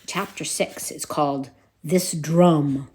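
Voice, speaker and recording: A woman reading a children's storybook aloud to her kids in an expressive way. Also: low voice, takes it slowly.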